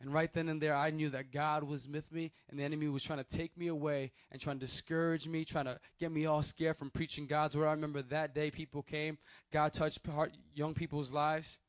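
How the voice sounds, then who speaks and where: Man, pastor, sermon testimony, slightly high voice, animated storytelling, calls out to listeners, dry sound. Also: brisk, no echo. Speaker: youth pastor.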